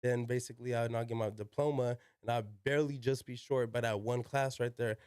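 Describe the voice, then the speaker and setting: A man's voice: mid-range voice, steady tone, a little fast, a little mellow, clear, resonant tone, dry recording, studio quality. A young man, a podcast guest, telling a casual story in slangy talk full of "yo", "like" and swearing. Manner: slangy, peppered with "yo" and "like", swears freely.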